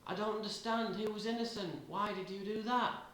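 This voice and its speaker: A man's voice: sits high, fairly even intonation, normal speed, fairly bright tone, a little hiss or hum, voice pushed up. A man doing an indignant young lad, exclaiming. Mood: bewildered. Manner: raised, exclaiming. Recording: roomy, distant amateur recording.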